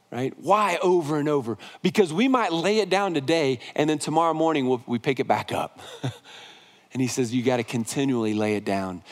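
A male pastor preaching a sermon in a conversational way, often repeating words and restarting phrases. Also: medium pitch. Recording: long hall reverb.

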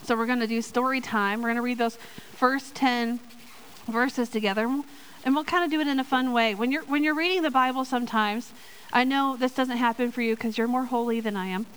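High, smooth-voiced woman preaching. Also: fairly quick, low-quality recording. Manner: lively and playful, with joking asides. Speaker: church speaker in children's ministry. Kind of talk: sermon with a Bible reading.

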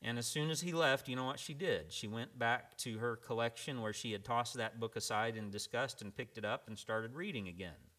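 A man's voice: mid-range voice, normal speed, hardly any pauses, bright, forceful tone. A man preaching a conversational sermon, telling a folksy story to make his point.

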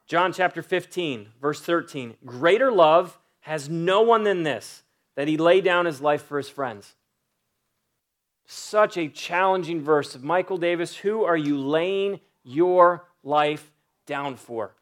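Emphatic preaching man, unhurried. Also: a little high. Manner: emphatic preaching with drawn-out slow phrases for emphasis. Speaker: pastor. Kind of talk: sermon.

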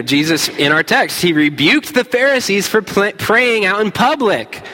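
A man's voice: on the high side, pushed and bright. A man preaching a sermon as pastor, earnest and conversational. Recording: hall reverb.

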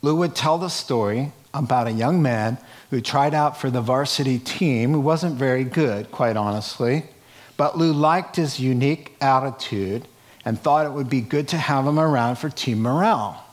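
A man preaching a sermon, telling a scripture story in an animated way with chuckling asides and acted-out quotes. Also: mid-range voice, moderate pace. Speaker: pastor.

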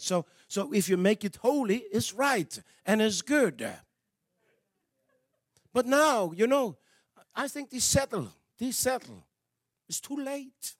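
A man gives an animated sermon in an extremely high voice, swinging from quiet asides to shouting, with halting repetitions and slightly non-native phrasing. The recording is clean studio sound with no echo.

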